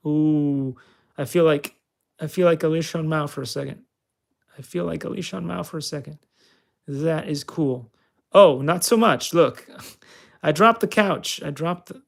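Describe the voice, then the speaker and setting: Male host, gravelly texture, chatty and self-mocking, narrating his own gameplay. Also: a little high, measured pace. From California. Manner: chatty, self-mocking, talks to himself while playing. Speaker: channel host. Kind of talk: casual gameplay commentary.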